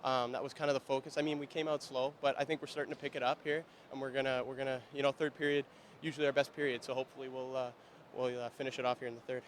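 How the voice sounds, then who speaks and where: A young male lacrosse player rattling off quick answers in a rink-side interview, packed with fillers and self-corrections. His voice sits at a middle pitch, and faint crowd noise carries behind him. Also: little pitch movement. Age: young adult. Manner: fast, filler-heavy, with repeated restarts. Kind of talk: post-period sideline interview.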